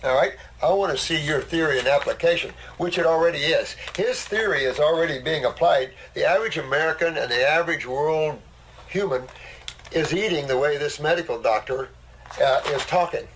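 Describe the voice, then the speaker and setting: Gravelly blunt older man. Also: on the high side, brisk, a bit bright, a little hiss or hum, rough recording. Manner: blunt, boastful storyteller. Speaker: host. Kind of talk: casual conversation.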